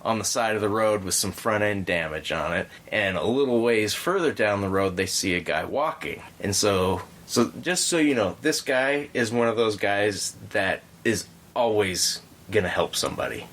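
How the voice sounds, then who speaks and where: A man hosting a podcast, telling a story in a relaxed, rambling way with frequent restarts. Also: fairly low pitch, normal speed, few pauses. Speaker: podcast host. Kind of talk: casual storytelling chat.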